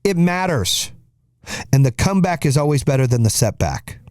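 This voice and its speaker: A man's voice: fairly high pitch, big pitch swings, normal speed, darkish tone, dry recording, studio quality. Blunt, cursing motivational man. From United States. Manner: blunt, profane, emphatic. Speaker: podcast host. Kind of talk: motivational monologue.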